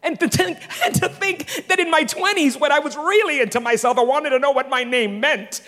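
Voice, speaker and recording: A middle-aged woman giving a sermon testimony in a church, animated, humorous and self-deprecating. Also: high-pitched, normal speed, big-room sound. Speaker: church speaker.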